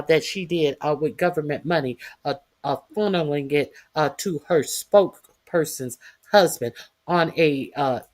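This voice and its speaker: A livestream host giving news commentary in a taunting, profane way, filling pauses with constant "uh"s. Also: medium pitch, darkish tone. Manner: profane, taunting, heavy "uh" fillers. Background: reading chat comments.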